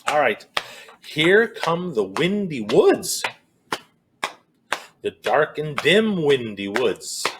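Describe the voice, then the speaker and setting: A man with a fairly high voice chants a slow, sing-song story walk for children, breaking into playful exclamations. He takes his time over every line. He is recorded outdoors, with clear background noise under his voice. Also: big pitch swings. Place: outdoors in a cornfield and woods.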